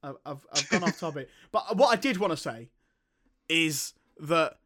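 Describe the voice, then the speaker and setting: A young man talks movies in a loose, rambling way, tripping over his words and swearing freely. His voice sits a bit high and sounds bright. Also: expressive, normal speed. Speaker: podcast co-host. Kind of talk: casual film chat.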